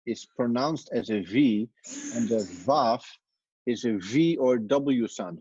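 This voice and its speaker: A man teaches over a video call, speaking slowly in a husky, slightly rough voice. The sound is dry and dull, as if from a laptop mic. He quizzes his students in a relaxed way. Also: mid-range voice, no room sound. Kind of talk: online class teaching.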